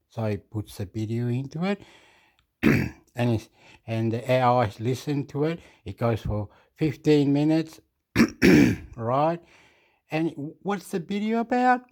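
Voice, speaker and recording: Excitable, profane man ranting. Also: mid-range voice. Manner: excitable, profane, repetitive, clears throat often. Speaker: video commentator. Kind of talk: rambling off-the-cuff rant.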